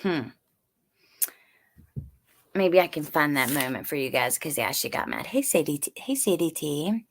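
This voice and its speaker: A low-pitched, expressive woman speaks a little slowly and pauses often, with a faint hiss or hum on the recording. As host of a true crime livestream, she casually recaps trial notes, replies to viewers' chat and comments, and lets curses fly when she's angry.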